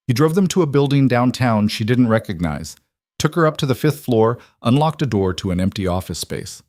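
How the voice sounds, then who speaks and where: A man giving measured, scripted story narration. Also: fairly low pitch, animated, a little mellow, no echo, clean studio sound.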